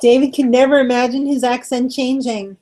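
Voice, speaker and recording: A woman's voice: high voice, fairly even intonation, brisk, dark tone. A woman co-hosting a casual chat, talking loosely, laughing often and trailing off mid-sentence. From New York. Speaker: co-host.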